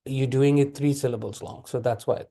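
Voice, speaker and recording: A man teaching tajweed, patiently correcting students and modeling the recitation slowly. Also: medium pitch, steady tone, vocal fry, dark tone.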